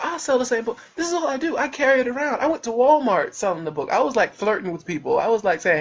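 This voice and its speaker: A young man talks in a husky voice, boastful and jokey, as he rambles through a self-promoting monologue. His pitch swings widely from line to line. The recording is dull and lo-fi, as if made on a home camera. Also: big pitch swings, fast talker, few pauses. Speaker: self-published author promoting his book.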